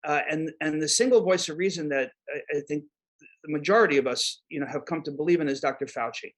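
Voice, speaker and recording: A man with a New York accent speaks as a guest expert in an interview. His voice sits a little high for a man. He talks in a halting way, full of fillers and repeated words. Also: a bit bright, poor audio. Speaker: guest expert on disaster preparedness. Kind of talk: conversational interview answers.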